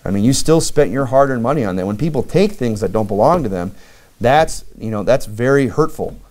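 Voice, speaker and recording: Male pastor, mid-pitched, chatty sermon delivery, fills with "you know," acts out quoted lines. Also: a little fast. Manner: conversational preaching, many "you know" fillers, acts out lively quoted dialogue.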